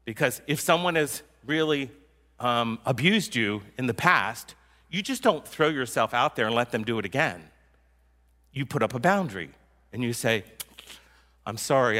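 A man's voice: mid-range voice, sharp tone, long reverb tail. A man preaching a sermon as a pastor, in a conversational way and teasing his congregation.

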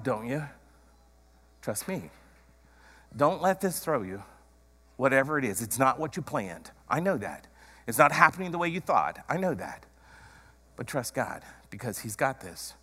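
A man's voice: mid-range voice, sharp tone. A man preaching a sermon, repeating key phrases emphatically and asking the congregation rhetorical questions. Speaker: pastor. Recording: long hall reverb.

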